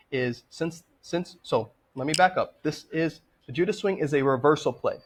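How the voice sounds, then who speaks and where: Male trading tutor, fairly high voice, plain instructive delivery for a screen-share lesson. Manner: direct, instructive, checks in with "okay?". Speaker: trading educator.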